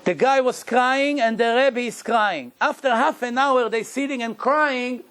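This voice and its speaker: Middle-aged rabbi, high voice, animated lecture-style storytelling, non-native phrasing. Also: male voice, measured pace, few pauses. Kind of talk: Torah lecture.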